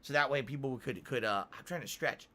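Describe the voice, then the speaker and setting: A man's voice: mid-range voice, brisk, pushed and bright. A man hosting a livestream in casual chat, answering viewer questions with a sarcastic, self-mocking manner and a lot of restarts. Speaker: livestream host. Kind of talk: casual live-stream chat, reading chat questions.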